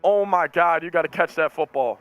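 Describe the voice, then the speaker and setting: A man streaming as a sports fan, calling plays live with hyped yells and rambling reactions. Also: on the high side, brisk, smooth, no room sound, faint music behind. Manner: hyped, yelling, rambling play-by-play.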